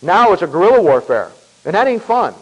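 A man preaching a sermon in a folksy, emphatic way, repeating himself and clearing his throat often. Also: high-pitched, big pitch swings, a little fast, rough recording.

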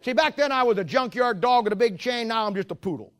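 A man's voice: very high-pitched, quick pace, a bit bright, a faint crowd. A man pastor preaching a sermon as a rambling, joking storyteller who walks about while he preaches.

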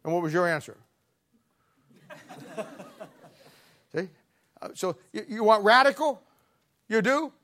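A middle-aged male preacher delivering a blunt, confrontational sermon, swinging from loud declarations to low asides. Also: takes it slowly, long pauses. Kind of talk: fiery sermon.

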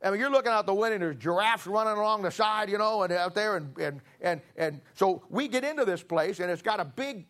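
A middle-aged man preaching a sermon, telling stories in a folksy way and building to forceful emphasis. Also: high-pitched, lively intonation, a little fast, hardly any pauses. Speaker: pastor. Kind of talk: storytelling sermon.

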